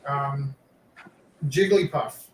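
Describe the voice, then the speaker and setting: The man has a mid-range voice and speaks extremely slowly, chatting casually and rambling with many fillers while he draws for a live stream. The sound is echoey, the mic far away, with some faint noise.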